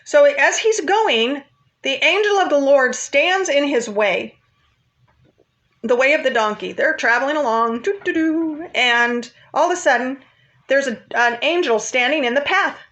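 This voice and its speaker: A woman's voice: high-pitched, measured pace, a bit bright. A woman casually retelling a Bible story in a chatty, informal way, with asides to her viewers.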